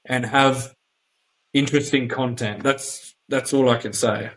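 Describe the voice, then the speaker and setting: A man's voice: medium pitch, steady tone, measured pace, poor audio. An Australian man hosting a podcast in casual chat, talking bluntly and emphatically with lots of swearing. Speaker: podcast host.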